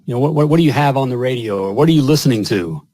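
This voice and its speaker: A man's voice: medium pitch, animated, rapid-fire, dark tone, dry recording. A man hosting a live online talk show in a folksy, salesy way, repeating himself as he talks. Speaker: host of a live plumbing show. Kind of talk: upbeat live-stream monologue. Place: home studio.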